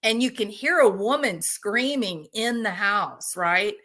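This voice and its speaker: A woman hosts a relaxed live chat and speaks straight to her viewers. Her voice is bright and clear, at a middle pitch. She tells her stories with animation and laughs often as she goes. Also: unhurried. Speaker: host.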